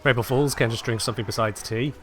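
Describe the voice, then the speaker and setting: A man's voice: mid-range voice, fairly even intonation, fast talker, a bit bright, faint music behind. Dry, sardonic man streaming a game. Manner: dry, sardonic, chats to viewers while playing. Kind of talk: casual live-stream chat while gaming.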